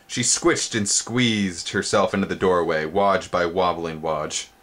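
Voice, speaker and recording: A deep-voiced man reads a storybook aloud with a theatrical flair. His voice leaps upward on exciting words and slows to linger on them. He stops now and then to show the book's pictures. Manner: theatrical, sudden pitch jumps on exciting words. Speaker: storybook reader. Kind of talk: dramatic storybook reading.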